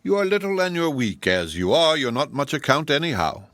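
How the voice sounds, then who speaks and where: A man's voice: on the high side, big pitch swings, fairly bright tone, no room sound, pitched above the performer's own voice. A man putting on a scornful cruel giantess. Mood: mocking. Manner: slow, mocking and menacing.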